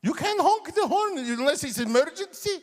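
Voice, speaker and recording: A man voicing his stubborn older immigrant father, who is indignant and shouty. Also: very high-pitched, expressive, normal speed, pitched above the performer's own voice. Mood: insistent. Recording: long hall reverb on stage.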